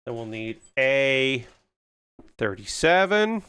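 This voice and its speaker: A man's voice: medium pitch, sing-song, takes it slowly, fairly bright tone, smooth, dry recording. A young man chatting casually on a livestream while building a model kit, ranting with frequent swearing and filler words. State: yawning.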